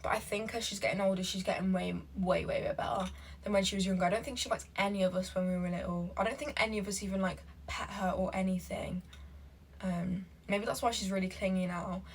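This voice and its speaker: A young woman hosting a reaction video, chatting casually and reading posts aloud in a brash, sassy, foul-mouthed way with quick bursts. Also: medium pitch, steady tone, slight background noise.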